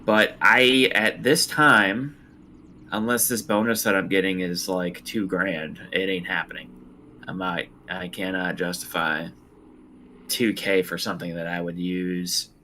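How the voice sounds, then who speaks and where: Bright-voiced man joking through a game. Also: deep voice. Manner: joking, rambling, self-interrupting. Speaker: gamer on a stream. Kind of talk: casual gaming chat.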